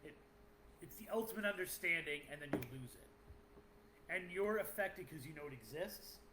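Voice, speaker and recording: A man's voice: on the high side, lively intonation, normal speed. A man with a Boston accent co-hosting a podcast, chatting casually, joking and often cutting in. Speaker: podcast co-host. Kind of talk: casual chat. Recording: echoey room with faint noise.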